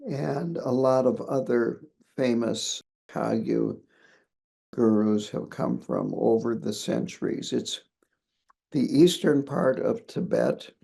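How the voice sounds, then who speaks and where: A man, a Buddhist lama, explaining a scripture line by line in a measured, pausing way. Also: medium pitch, vocal fry, warm tone, husky. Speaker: Buddhist lama teaching a text. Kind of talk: commentary on a scripture.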